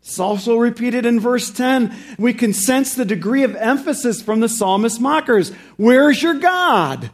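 This high-voiced pastor works through a passage of scripture, reading it aloud before unpacking its meaning. Key phrases get slow, emphatic rises, while reflective moments fall to a low, gentle tone.

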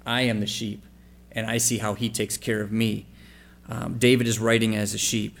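A man's voice: medium pitch, steady tone, normal speed, creaky. A man preaching a sermon, reading scripture passages aloud and then explaining them in a conversational, questioning way. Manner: asks the congregation questions and spells out letters for emphasis. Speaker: pastor.

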